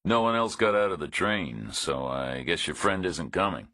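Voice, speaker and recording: A male narrator playing a big, laconic drifter who talks in a calm, dry, matter-of-fact way. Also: low voice, moderate pace, dry recording, heavily acted.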